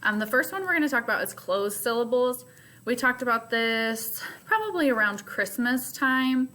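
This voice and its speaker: A woman's voice: fairly high pitch, lively intonation, normal speed, pushed and bright. A woman teacher recording a remote phonics lesson for her students, explaining step by step in a patient way.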